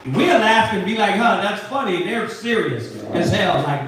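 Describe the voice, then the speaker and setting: A man leads a scripture class with lively call-and-response preaching and slangy asides. He sounds set back from the mic in a very echoey room, and his voice sits fairly high. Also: a little slow, far from the mic, a little hiss or hum. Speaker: teacher leading a Sabbath scripture class. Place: classroom or meeting hall with a live group.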